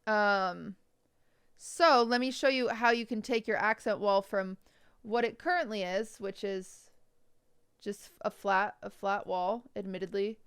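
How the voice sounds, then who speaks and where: A woman's voice: medium pitch, measured pace, a bit bright, smooth, no echo, studio quality. A young woman streaming live, chatting casually and giving frank, blunt design advice, sometimes swearing for emphasis. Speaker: streamer reviewing viewers' bedrooms.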